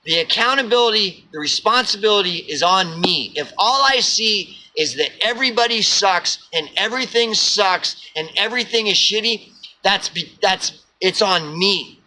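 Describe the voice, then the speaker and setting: Okie man, higher register, very tense bright tone; blunt, preachy vlog rant full of swearing and repetition. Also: animated, normal speed, a little hiss or hum, poor audio. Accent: Oklahoma. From Oklahoma. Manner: repeats himself for emphasis. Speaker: vlogger. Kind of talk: ranting monologue to camera.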